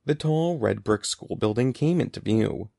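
Gravelly guy reading an audiobook, really animated, dry close mic. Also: mid-range voice, normal speed, no room sound. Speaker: narrator.

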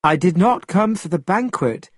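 A man voicing a gentle, earnest monk in a storybook, polite in manner. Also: sits high, expressive, moderate pace, breathy edge, dry recording, studio quality, voice pushed up.

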